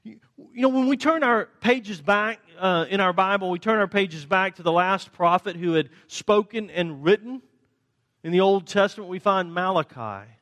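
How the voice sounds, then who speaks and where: Male pastor, high-pitched, dramatic sermon delivery, long church reverb. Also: moderate pace. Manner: dramatic shifts between loud questions and hushed answers; acts out the questioners and the answers.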